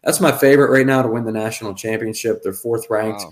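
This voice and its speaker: A man with a slightly low voice talking sports on a casual podcast. He hands out betting picks with breezy confidence, one after another. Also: steady tone, fast. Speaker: podcast co-host.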